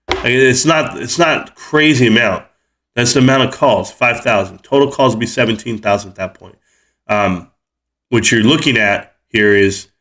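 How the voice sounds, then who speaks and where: A fired-up man in his forties hosts a livestream, ranting and cussing in a middling voice. He jumps between outrage and quick number-crunching, talking straight to his viewers. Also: medium pitch, fairly bright tone. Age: 40s. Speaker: livestream host.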